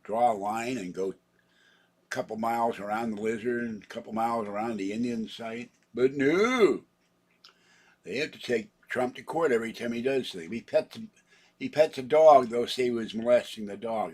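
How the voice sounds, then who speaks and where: Husky low-voiced man rambling. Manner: meandering, grumbling, chuckles to himself. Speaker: vlogger. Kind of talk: rambling casual chat.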